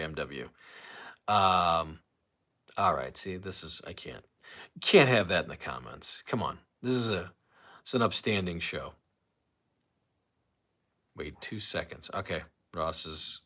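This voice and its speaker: A man's voice: low voice, pushed and bright. A man hosting a casual solo livestream, rambling and reading viewer comments aloud with frequent restarts. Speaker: livestream host.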